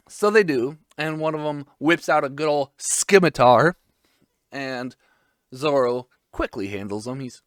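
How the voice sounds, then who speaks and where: A man's voice: mid-range voice, takes it slowly, fairly bright tone, smooth, dry recording, studio quality. A man in his twenties giving a casual episode recap, rambling with irreverent, crude jokes. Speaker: vlogger.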